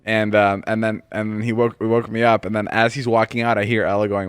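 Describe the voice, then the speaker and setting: A man in his thirties hosting a podcast, telling animated stories in casual chat and swearing freely. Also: fairly low pitch, fast, dry recording, studio quality. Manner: animated storytelling, swears a lot. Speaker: podcast host.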